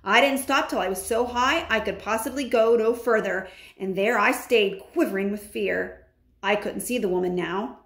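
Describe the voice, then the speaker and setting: A woman reading a children's novel aloud with expressive delivery, breaking in with chatty asides. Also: mid-range voice, moderate pace, creaky. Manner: animated, adds chatty comments. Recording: roomy echo.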